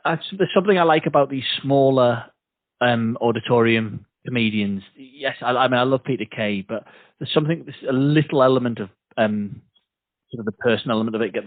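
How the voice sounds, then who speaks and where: A chatty English man hosting a podcast, joking easily as he talks. His voice sits at a middling pitch and comes through a thin, phone-like line with no room sound at all. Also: a little fast, dry recording. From England. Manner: chatty, jokey, does playful accent impressions. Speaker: podcast host. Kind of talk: casual chat. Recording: tinny phone-like dry sound.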